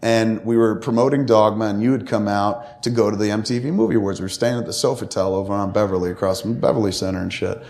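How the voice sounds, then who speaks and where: A man's voice: fairly low pitch, fast talker, creaky, few pauses. A man in his fifties, a podcast co-host telling a long story in casual, profane talk and acting out the voices of the people in it. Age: 50s. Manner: profane, animated, acts out quoted voices.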